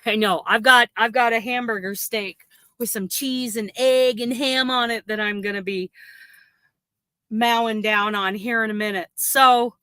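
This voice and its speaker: Slow, bright-voiced woman chatting casually. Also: on the high side, fairly even intonation, clear, resonant tone, dry recording. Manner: chatty and rambling, gushing and laughing often. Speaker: crochet livestream host. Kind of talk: casual livestream chat.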